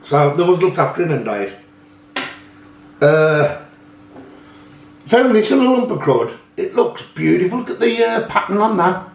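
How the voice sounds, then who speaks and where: A man's voice: high-pitched, sing-song, measured pace, creaky, pauses often, slight background noise. Chatty man in an echoey room. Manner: chatty, rambling, self-correcting. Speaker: magnet fishing channel host. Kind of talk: casual chat showing finds.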